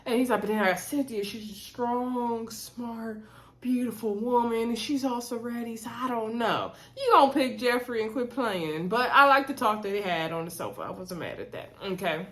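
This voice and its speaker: A woman's voice: fairly high pitch, a little fast, hardly any pauses. A woman recapping a reality dating show in a casual, gossipy way, acting out what the cast said. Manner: animated, gossipy, acts out quotes.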